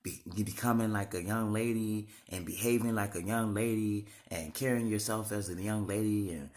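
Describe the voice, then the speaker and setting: A man's voice: normal speed, a little mellow, lightly acted. A man voicing his scolding middle-aged mother, lecturing and pestering in a raised voice. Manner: lecturing, then shrill and pestering.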